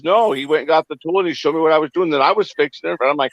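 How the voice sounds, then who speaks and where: A laid-back man hosting a casual chat, telling long stories with slow, stretched phrasing. His voice sits a touch high, and it sounds dry and close, with no room around it. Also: no room sound. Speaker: stream host.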